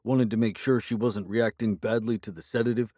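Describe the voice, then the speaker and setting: A man voicing a shaken, plain-spoken young henchman who is rough but decent, speaking uneasily in an audiobook. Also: on the low side, fairly even intonation, brisk, mellow, no echo, clean studio sound, lightly acted. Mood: uneasy.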